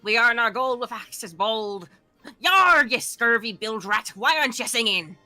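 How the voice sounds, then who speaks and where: A woman voicing a brash pirate brigand, reading game dialogue aloud in a gruff, shouty sea-dog manner. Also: a little high, animated, a little slow, soft background music, full character voice. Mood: blustering.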